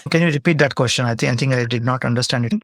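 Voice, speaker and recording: A man's voice: mid-range voice, very fast, a bit bright, dry recording, clean studio sound. A man speaking as a leadership coach, answering audience questions in a webinar and explaining his points through example dialogues.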